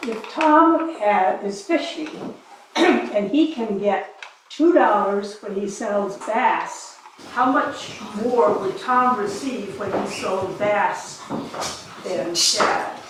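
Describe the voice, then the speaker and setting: A woman's voice: mid-range voice, lively intonation, drawn-out words, recorded from a distance. Prim 1800s schoolmistress, played by a woman in an echoey room. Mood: stern. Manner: prim and scolding with children. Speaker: schoolteacher reenactor. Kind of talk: living-history classroom reenactment. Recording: echoey room from afar, noisy.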